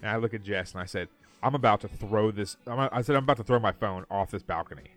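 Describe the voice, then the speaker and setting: A podcast co-host with a fairly low voice tells a story in a casual chat at a quick pace, acting out the quoted lines with animation. Soft music plays in the background.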